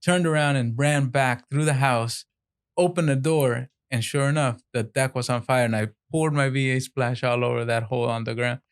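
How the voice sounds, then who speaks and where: A man co-hosting a podcast, telling an animated story in casual chat, acting out quotes and laughing often. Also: mid-range voice, normal speed, clear, resonant tone.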